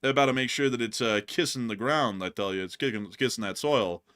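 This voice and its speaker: A man's voice: medium pitch, fast talker, a bit bright, clear, resonant tone. A man hosting a war news show, giving casual commentary and joking as he addresses his viewers as folks.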